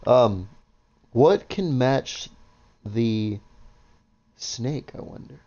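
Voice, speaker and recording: A man narrates his own gameplay in loose, excitable commentary, cursing freely and calling out to his viewers. His voice sits at an ordinary middle pitch. The recording sounds a little dull and lo-fi. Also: very slow. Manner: excitable, swears often, talks to viewers. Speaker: gaming video host. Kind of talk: casual let's-play commentary.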